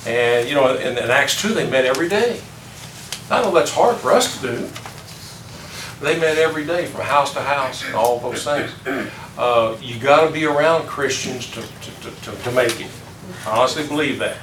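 A man's voice: medium pitch, normal speed, fairly bright tone, far from the mic. An older man teaching an informal Bible class, folksy and chuckling, putting questions to the class. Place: classroom or church meeting room. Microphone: distant room mic. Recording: echoey room recorded from afar with background noise.

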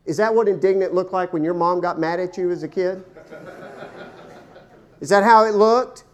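A man preaching a sermon, asking his listeners rhetorical questions and swinging from loud exclamations down to hushed, near-whispered lines. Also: high voice, normal speed, long pauses. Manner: addresses listeners as folks, asks rhetorical questions.

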